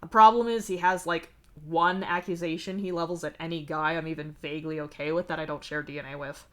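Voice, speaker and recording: Woman voicing a blunt young man, swearing freely, deadpan and wry, lowish voice, live fanfic read. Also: brisk, natural voice. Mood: bitter. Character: sardonic, profane young man, blunt and weary. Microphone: streaming mic.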